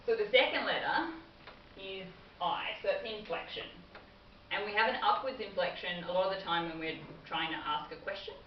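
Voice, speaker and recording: Speaking at a moderate pace with medium pitch, a woman explains workplace communication in a friendly way during classroom training. The training-room audio is dull and roomy, picked up by a distant mic with slight background noise.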